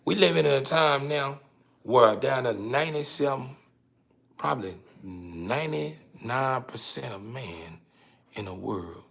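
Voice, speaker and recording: Guy with a raspy creaky voice going off on a live stream, stumbly and cussing. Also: medium pitch, expressive, a little slow, a bit bright. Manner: repetitive, stumbling, profane, laughing. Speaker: livestream host. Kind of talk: casual ranting livestream monologue.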